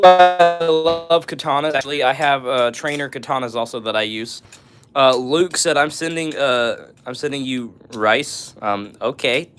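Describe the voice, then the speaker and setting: A young male streamer with a mid-range voice sounds bright and forceful. He reads his viewers' comments and answers them in good spirits, friendly throughout, saying "bro" and "all right" a lot.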